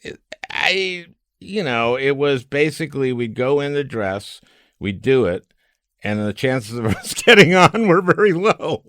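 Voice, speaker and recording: A man's voice: medium pitch, very animated, unhurried, fairly bright tone, dry recording, clean studio sound. An older man hosting a podcast, chatting casually and telling stories with frequent laughs. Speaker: podcast host. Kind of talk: casual interview chat.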